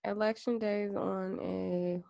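A woman's voice: medium pitch, steady tone, unhurried, gravelly, dark tone, no echo. A woman co-hosting a podcast in casual chat, with a blunt, profane style and frequent laughter. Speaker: podcast co-host.

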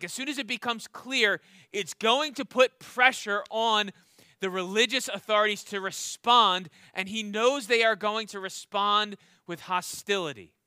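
High bright-voiced man preaching. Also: clear, resonant tone, no room sound, clean studio sound. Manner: earnest, repeats words when starting a thought; asks the congregation questions. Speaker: pastor. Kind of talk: sermon.

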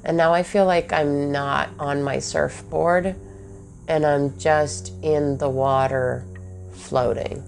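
Low, slow-talking woman musing aloud. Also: fairly even intonation, vocal fry, a little mellow. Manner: thinking aloud, many fillers and self-questions. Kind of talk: reflective personal monologue.

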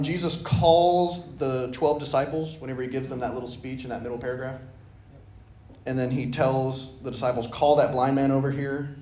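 A man's voice: mid-range voice, darkish tone. Enthusiastic man leading a Bible study. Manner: enthusiastic, acts out scripture lines. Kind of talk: casual group Bible study discussion. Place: church meeting room. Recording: roomy room sound.

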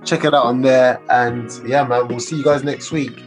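A man's voice: medium pitch, fairly even intonation, moderate pace, soft background music, low-quality recording. A man hosting a casual football podcast, laid-back and rambling with many fillers. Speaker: podcast host.

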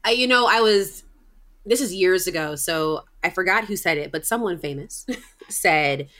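A woman hosting a podcast who tells stories in an animated way and laughs often. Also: lowish voice, moderate pace. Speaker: podcast host. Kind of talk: conversational interview.

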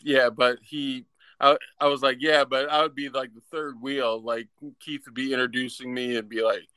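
A man's voice: mid-range voice, level tone, normal speed, sharp tone, clean tone, no echo. A man co-hosting a casual chat, giggly, often restarting sentences and saying "like". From United States. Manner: giggly, stammers and restarts, uses "like" a lot. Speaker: co-host.

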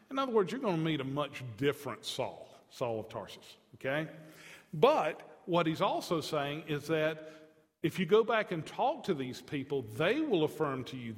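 Pastor guy preaching, kinda high voice, gets fired up acting out the quotes, big church echo. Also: fairly quick. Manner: earnest, animated preaching with acted-out quotes. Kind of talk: sermon. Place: church sanctuary.

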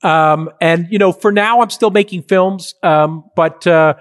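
A man's voice: high voice, measured pace. A middle-aged man, a filmmaker and interview guest, talking casually and telling stories with lots of fillers. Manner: animated storyteller, acts out quotes. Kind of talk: conversational interview.

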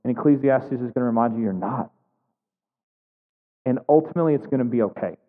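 A man's voice: mid-range voice, a little fast. A man preaching a sermon as a pastor, telling a story casually and conversationally with humor. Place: church sanctuary. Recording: phone-like sound in a large reverberant hall.

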